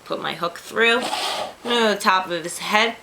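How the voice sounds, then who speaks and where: A woman's voice: medium pitch, measured pace, vocal fry, noisy background. A woman with a New York accent giving a casual step-by-step craft tutorial, chatty and joking at her own slips. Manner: chatty, self-deprecating asides.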